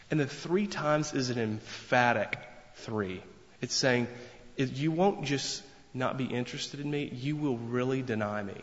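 A man's voice: mid-range voice, unhurried. A man preaching a sermon in an earnest, emphatic way, repeating phrases for weight. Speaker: pastor. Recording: long reverb, dull lo-fi sound.

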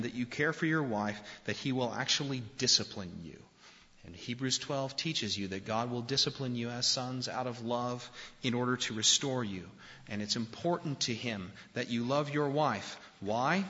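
Male pastor, earnest direct preacher, sharp bright voice, dull lo-fi church recording. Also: mid-range voice, normal speed. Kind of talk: sermon. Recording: dull lo-fi recording in a reverberant hall.

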